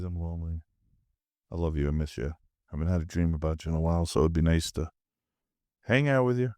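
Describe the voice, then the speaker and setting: Half asleep in his home movie room, a podcast host rambles in a laid-back, meandering monologue. His low, slightly mellow voice is brisk yet broken by long pauses, with clean studio sound and no room sound.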